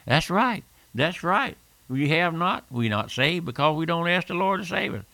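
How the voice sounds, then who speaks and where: A man's voice: fairly high pitch, very animated, moderate pace, gravelly, pushed and bright, no room sound. An older man preaching a fervent radio sermon, repeating phrases and calling the listener "my friend".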